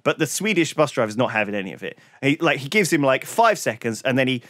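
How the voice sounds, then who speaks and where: A man's voice: mid-range voice, lively intonation, fast talker, fairly bright tone, no room sound, studio quality. A man co-hosting a podcast, telling a long story in casual chat and swearing freely. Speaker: podcast co-host.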